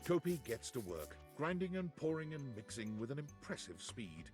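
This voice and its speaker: A man's voice: medium pitch, sing-song, normal speed, music in the background, natural voice. A man reading scripted game narration in a descriptive, storybook manner.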